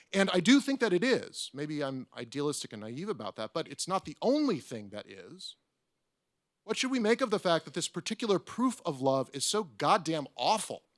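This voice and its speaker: A man's voice: a little high, fairly bright tone, no echo, clean studio sound. Wry man reading a talk. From United States. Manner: wry, self-mocking asides. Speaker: academic panelist. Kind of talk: reading a prepared talk aloud. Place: conference room.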